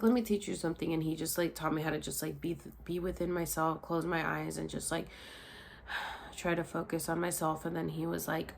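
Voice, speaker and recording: A woman's voice: low voice, vocal fry, a little hiss or hum. A woman in her thirties casually telling a personal story, rambling with many fillers and sighs, sounding tired.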